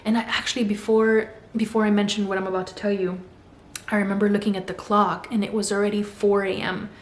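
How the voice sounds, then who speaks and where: A young adult woman vlogger tells a story casually and fast, her medium-pitched voice animated as she acts out the voices she quotes. The room is echoey with a faint hum.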